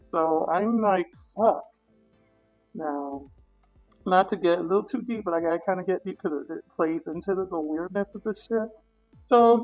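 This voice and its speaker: A woman guest telling a story in casual talk, animated and profane, acting out her own reactions. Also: on the low side, phone-quality sound. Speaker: interview guest.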